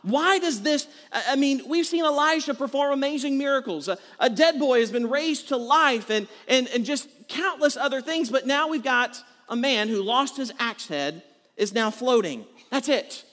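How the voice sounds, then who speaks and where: A man with a high voice preaches in a church sanctuary, and his words ring out with a long reverb. He talks to the congregation in a loose, joking way and breaks into animated little stories. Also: normal speed. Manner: conversational, joking, animated storytelling. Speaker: pastor. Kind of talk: sermon.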